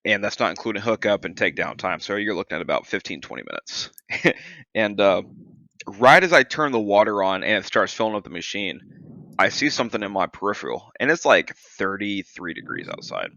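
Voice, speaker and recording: A man's voice: fairly low pitch, big pitch swings, a little fast, vocal fry, pushed and bright, no echo, dull audio. A man co-hosting a podcast, telling a story animatedly, swearing and laughing a lot. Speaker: podcast co-host. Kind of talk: casual chat.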